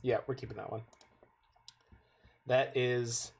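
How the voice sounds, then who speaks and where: A man's voice: medium pitch, level tone, takes it slowly, slightly rough. A North American man chatting casually with viewers while playing a card game, rambling off into stories. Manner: rambling, digressive storytelling. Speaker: game streamer.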